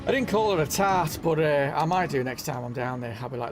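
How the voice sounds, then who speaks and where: A man with a slightly high voice talks quickly and with few pauses, his intonation lively and his mild Merseyside accent placing him in northwest England. He hosts a sim racing live stream, rambling casually and saying "know what I mean" over and over. Game music plays underneath the stream.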